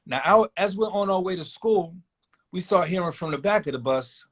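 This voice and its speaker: A man tells a personal story in relaxed, casual talk. His voice sits a little higher than most men's, and he livens it up by acting out the voices of people in the story. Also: normal speed. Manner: animated, acts out other voices in quotes. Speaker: guest telling a personal story.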